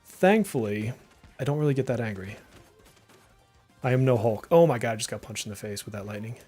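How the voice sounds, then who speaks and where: An animated, brisk man in his thirties, his ordinary mid-pitched voice edged with breathiness, streams a game live. He has a slight Massachusetts accent, rambles casually, and reacts aloud to the action over faint game music.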